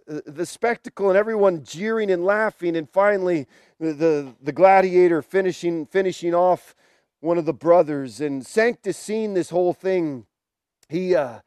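A male preacher with a high voice tells a story from the pulpit, stumbling and restarting as he goes. The recording is close and dry, with no echo. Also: a little mellow, smooth. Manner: halting, storytelling with many restarts. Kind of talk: sermon.

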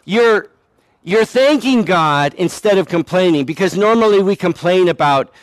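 A man's voice: high-pitched, animated, moderate pace, no echo. A man giving a conversational sermon as a pastor, joking at his own expense and acting out the voices he quotes. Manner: conversational, self-deprecating, acts out quoted voices.

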